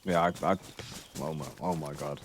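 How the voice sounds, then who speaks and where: Low-voiced laid-back streamer. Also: male voice, steady tone, moderate pace, a little hiss or hum. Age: 30s. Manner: rambling, sweary, laid-back storytelling. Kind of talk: casual chat while gaming.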